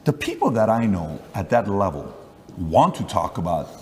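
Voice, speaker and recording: A man with a fairly low voice hosts an interview in a relaxed, chatty way and acts out his stories as dialogue. A long reverb tail trails his words over a faint hiss. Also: normal speed. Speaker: interviewer and host. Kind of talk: conversational interview.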